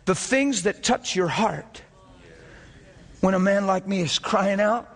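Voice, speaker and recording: Impassioned high-voiced male preacher. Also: big-room sound. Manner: impassioned, rapid-fire, climbing to near-shouting peaks. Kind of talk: sermon. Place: church.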